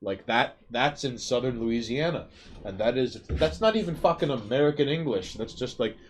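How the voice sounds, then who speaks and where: A man's voice: medium pitch, lively intonation, moderate pace, slight background noise. A man co-hosting a casual podcast, rambling and swearing, often trailing off and restarting mid-sentence. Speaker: podcast co-host. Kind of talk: casual chat.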